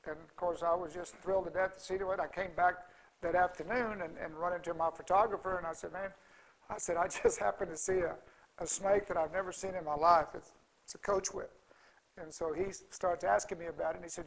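Folksy man, gravelly voice. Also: high-pitched, fairly even intonation, fast talker, low-quality recording. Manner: rambling, folksy, many restarts and fillers. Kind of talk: casual storytelling talk.

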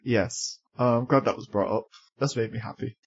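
A man co-hosting a podcast in casual chat, chatty and quick to laugh. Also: mid-range voice, fairly even intonation, husky, lo-fi sound. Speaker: podcast co-host.

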